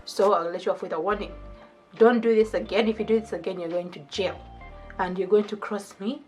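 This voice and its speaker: A weary female immigration officer, as a woman puts her on, brisk and matter-of-fact. She is in a rush and wants the talk over. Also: mid-range voice, steady tone, a little mellow, faint music behind, lightly acted. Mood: dismissive. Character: tired, curt female immigration officer in a hurry.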